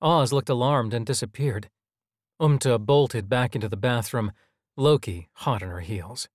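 A man narrating a scripted audio drama in an even, measured storytelling manner. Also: medium pitch, no room sound, studio quality.

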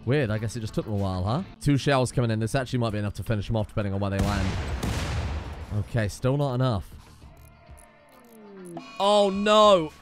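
A man giving sarcastic, exasperated let's play commentary, swearing often, with faint music behind him. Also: mid-range voice. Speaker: gaming YouTuber.

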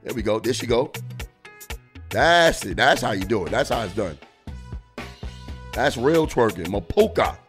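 Animated, profane male podcast host. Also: medium pitch, unhurried, pauses often, faint music behind. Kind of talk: comedic commentary while reacting to videos.

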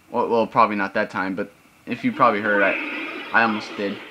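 A man's voice: fairly low pitch, fast talker, bright, forceful tone, dull audio. A young man hosting casual gameplay commentary, chatty and loose, breaking into frustrated outbursts. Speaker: gaming channel host. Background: video game music.

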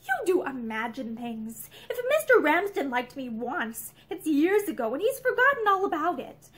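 A woman's voice: high-pitched, big pitch swings, normal speed, a bit bright. A woman reading aloud and voicing a startled, protesting young wife. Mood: flustered.

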